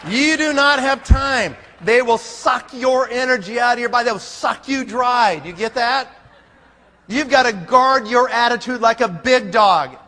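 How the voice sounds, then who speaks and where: A man gives a motivational talk in a large hall, his high, bright voice carried on a long reverb. He speaks in a folksy, punchy way and keeps throwing rhetorical questions at the crowd. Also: a little slow. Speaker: network marketing leader. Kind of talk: motivational speech to a live audience.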